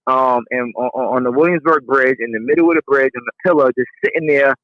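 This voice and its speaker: A man telling a personal story in a relaxed, slangy way with many fillers. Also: mid-range voice, fast, no echo. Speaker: interviewee. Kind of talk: casual storytelling. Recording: dull, dry lo-fi audio.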